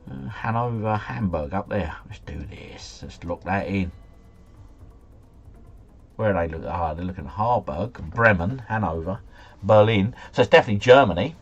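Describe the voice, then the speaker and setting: A man streaming a guessing game live, thinking aloud and chatting to viewers, his volume rising and falling with excitement. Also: on the low side, slightly rough, highs cut off. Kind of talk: casual live commentary.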